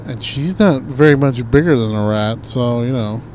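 A man co-hosting a podcast in crude casual banter, laid-back and giggly, his voice going up when he gets excited. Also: mid-range voice, normal speed, slight background noise. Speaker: podcast co-host.

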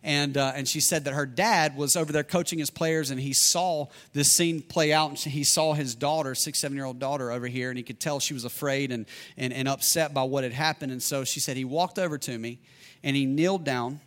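A man delivering a sermon in an earnest, conversational way. He comes back to key phrases to drive them home, and his delivery swings between loud proclamations and quiet, intimate passages. His voice sits in an ordinary middle register. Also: medium pitch, fairly even intonation, a little fast. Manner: earnest, repeats lines for emphasis, shifts between loud and hushed. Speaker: pastor.

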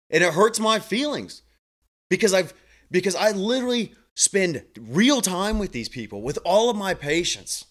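A man's voice: high-pitched, big pitch swings, moderate pace, fairly bright tone. A man telling a story about his patients in a blunt, emphatic, casual monologue. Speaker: home health clinician.

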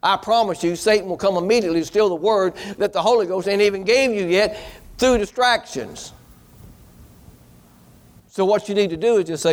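A man delivers a sermon in a folksy, exhorting manner. His voice sits somewhat high for a man. He keeps putting questions to the congregation as their pastor. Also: normal speed, long pauses.

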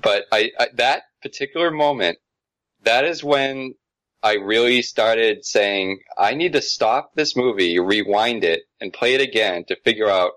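A man co-hosting a casual film podcast, chatting, laughing often and explaining things with animated detail. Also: lowish voice, measured pace, no echo, soft background music. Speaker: podcast co-host. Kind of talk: casual film review chat.

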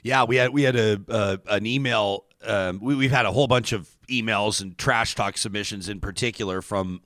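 A man's voice: lowish voice, moderate pace, dry recording, studio quality. A man hosting a podcast in casual chat, telling stories animatedly and acting out what others said. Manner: animated storyteller who acts out quotes. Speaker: podcast host.

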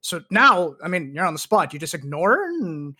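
A man's voice: a little high, big pitch swings, brisk, bright, forceful tone. A man co-hosting a podcast in casual chat, quizzing his friend with a made-up scenario. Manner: quizzing, spinning out a hypothetical scenario. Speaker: podcast co-host.

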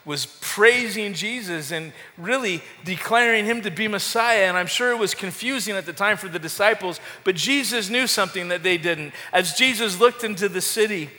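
A man's voice: high-pitched, sharp tone. A man preaching a sermon as pastor, impassioned, with repeated words and rising calls to the congregation. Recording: long hall reverb.

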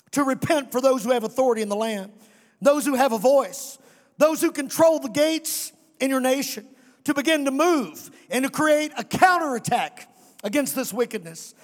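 A male pastor preaching a fiery sermon to a congregation, sometimes shouting and chanting his lines. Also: very high-pitched, long reverb tail. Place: church sanctuary.

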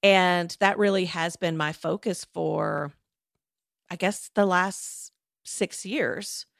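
A woman's voice: fairly low pitch, slow pace, gravelly, dry recording, studio quality. Chatty woman telling her story. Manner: chatty, animated, lots of fillers and quoted asides. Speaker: guest, former lawyer turned coach. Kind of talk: casual interview storytelling.

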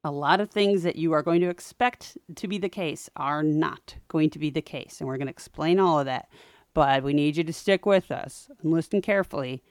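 A woman with a low voice co-hosts a history podcast, narrating in a relaxed, chatty way. She slips in wry jokes and animated asides. The sound is close and dry. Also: normal speed, dry recording. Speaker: podcast co-host. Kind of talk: casual history storytelling.

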